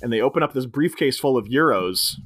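A man casually recapping a film on a podcast, quoting characters in quick put-on voices. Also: mid-range voice, animated, a bit bright. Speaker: podcast co-host. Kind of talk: casual movie recap chat.

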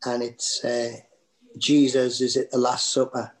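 A middle-aged Geordie man spins loose, rambling anecdotes, full of ums and false starts. His voice sits at an ordinary middle pitch, relaxed and conversational, like a comedian chatting between jokes. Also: unhurried, poor audio. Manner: rambling anecdotes with many fillers and restarts. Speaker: comedian guest. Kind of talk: casual interview storytelling.

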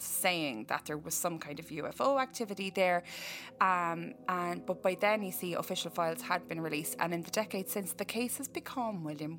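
A woman's voice: on the low side, fairly bright tone. Chatty Irish woman podcast host. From Ireland. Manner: reads case notes then riffs with jokes. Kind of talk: casual storytelling chat.

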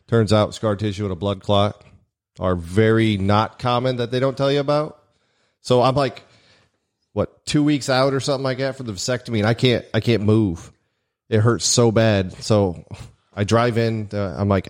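A man co-hosting a casual podcast, telling stories with joking, deadpan asides. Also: lowish voice, moderate pace. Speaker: podcast co-host. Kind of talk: casual comedic chat.

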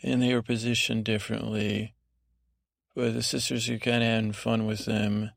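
A man's voice: fairly low pitch, little pitch movement, normal speed, creaky, no echo, clean studio sound. A man hosting a podcast meant for falling asleep, meandering through a self-deprecating recap of a show full of fillers. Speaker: podcast host. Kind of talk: rambling bedtime show recap.

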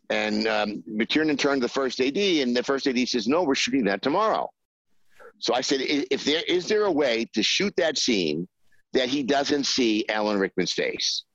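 A man telling a behind-the-scenes anecdote in an interview, halting with many fillers and acting out the voices he quotes. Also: mid-range voice, big pitch swings, a bit bright, no room sound, lo-fi sound. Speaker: screenwriter guest.

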